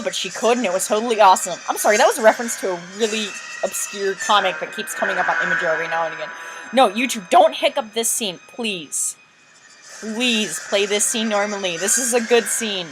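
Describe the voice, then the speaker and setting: A woman giving chatty, excitable commentary over a video, jumping in with quick asides. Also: mid-range voice, background noise.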